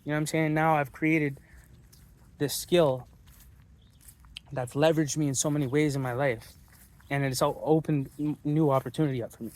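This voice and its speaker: A man's voice: on the high side, fairly even intonation, moderate pace, long pauses, darkish tone. A man talking straight to his viewers in a casual monologue, blunt and combative, swearing freely. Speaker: channel host.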